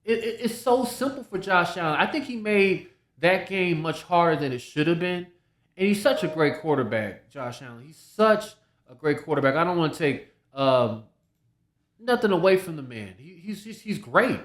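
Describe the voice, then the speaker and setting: A man's voice: fairly high pitch, expressive, moderate pace, echoey room. A man hosting a solo sports podcast, talking casually, often repeating himself and restarting his sentences. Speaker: podcast host.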